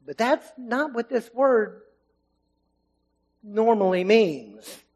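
Male preacher, high voice, dynamic delivery that drops to a hush, acts out the story's voices. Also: very slow, husky, poor audio. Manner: animated, swinging from loud to hushed. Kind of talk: sermon.

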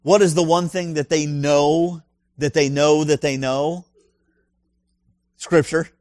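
A man's voice: fairly high pitch, steady tone, slow pace, darkish tone, no room sound, clean studio sound. A male pastor preaching a sermon in an emphatic way, full of rhetorical questions and punchy asides.

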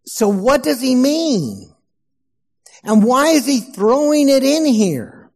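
A man preaching a sermon as pastor, slow and emphatic, asking the congregation questions. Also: extremely high pitch, very animated, darkish tone, big-room sound.

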